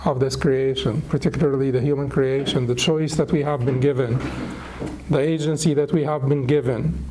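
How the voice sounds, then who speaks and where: A middle-aged man teaching a lecture on spirituality, unhurried and thoughtful, pausing with fillers and restarting phrases. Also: mid-range voice, steady tone, warm tone, slight background noise, rough recording. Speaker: Islamic studies teacher.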